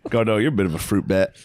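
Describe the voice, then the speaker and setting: A man co-hosting a comedy podcast, riffing in a laid-back, deadpan way and dropping in short agreeing replies. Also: lowish voice. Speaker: podcast co-host. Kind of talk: casual comedic chat.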